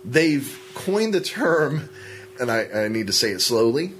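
A man co-hosting a podcast, telling stories in a joking, animated casual chat. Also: mid-range voice, a little slow, slight background noise. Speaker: podcast co-host.

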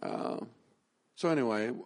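Folksy middle-aged pastor preaching. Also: male voice, mid-range voice, measured pace. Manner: conversational, folksy, with restarts and rising emphasis. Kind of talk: sermon.

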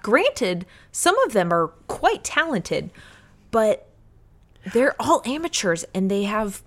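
A woman's voice: medium pitch, big pitch swings, takes it slowly, fairly bright tone. Chatty woman baker, lots of "like". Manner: storytelling, filler-heavy "like". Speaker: professional baker, podcast co-host. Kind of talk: casual chat.

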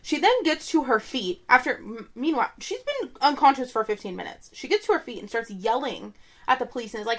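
A woman's voice: sits high, very animated, fairly quick. Joking, blunt woman on a podcast. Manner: blunt and joking, swears freely. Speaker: podcast co-host. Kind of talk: casual true-crime chat.

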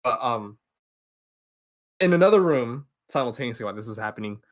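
A man on a podcast, talking casually at a middle pitch. He retells a story in an excitable, rambling way, stumbling over restarts and fillers. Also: brisk. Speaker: podcast host. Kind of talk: casual podcast chat, retelling a film plot.

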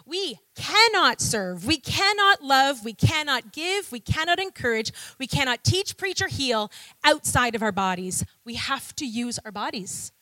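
A woman delivers a sermon in a high, bright voice that rises and falls with lively, animated energy. She takes her time and leans on rhetorical questions and call-and-response with the congregation. The sound is close and dry. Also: measured pace, no room sound. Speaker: preacher.

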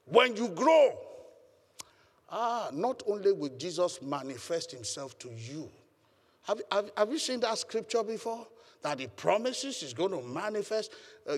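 A man's voice: high-pitched, husky, in a large hall. A man preaching a sermon as pastor, emphatic and calling on the congregation to respond. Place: church hall.

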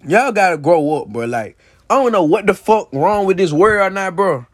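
A young man with a high voice holds forth on his own podcast. He talks bluntly, heated and insistent, swearing freely and tossing in "bro" and "you feel me" to drive each point home. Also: lively intonation, moderate pace. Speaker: podcast host. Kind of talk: casual solo podcast rant.

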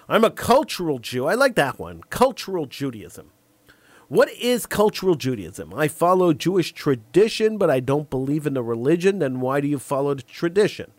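A man's voice: on the high side, dry recording. Opinionated man hosting a call-in show. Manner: opinionated, repeats words when stuck; acts out imagined callers in quick back-and-forth. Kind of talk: call-in radio talk monologue.

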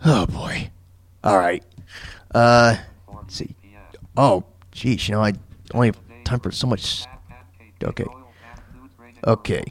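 A man's voice: fairly low pitch, slow, long pauses. A man hosting his own talk show, delivering an opinionated rant and often stumbling and restarting mid-sentence. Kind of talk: opinionated monologue.

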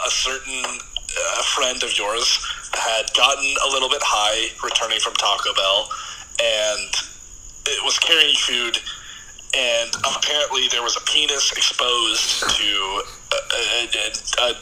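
A man's voice: medium pitch, pushed and bright, a little hiss or hum, poor audio. A man chatting as a podcast guest and telling a rambling, jokey story. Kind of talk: casual chat.

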